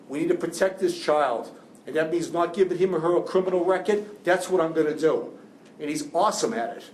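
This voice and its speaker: Guest-speaking to law students, a juvenile defense attorney talks with emotional, rambling passion, often stumbling and starting over as his feelings rise. His slightly high male voice is a little mellow and echoes in the room. It's captured on a distant mic with a faint hiss underneath.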